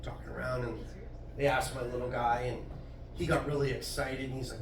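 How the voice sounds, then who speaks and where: A man's voice: medium pitch, flat delivery, moderate pace, distant mic. A middle-aged man doing a stand-up comedy set at a club, telling crude, self-deprecating stories about his family. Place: comedy club stage with audience. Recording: roomy club sound from afar, noisy.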